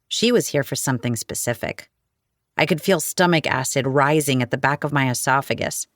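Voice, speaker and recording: A woman narrating a romance audiobook in the first person, with wry, expressive storytelling. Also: extremely low pitch, a little fast, no echo, clean studio sound.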